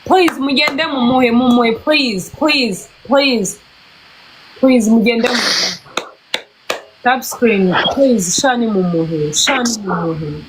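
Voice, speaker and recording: A woman's voice: a little high, slow pace. Urgent Rwandan woman on a noisy stream. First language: Kinyarwanda. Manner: urgent, coaxing viewers, mixing English and Kinyarwanda. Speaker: live-stream host. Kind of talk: live-stream chat.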